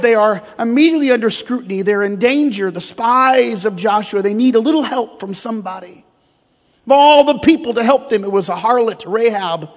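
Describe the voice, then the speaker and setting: A male pastor preaching a sermon, leading his congregation in call-and-response declarations. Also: high voice. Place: church sanctuary. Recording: long reverb of a church hall.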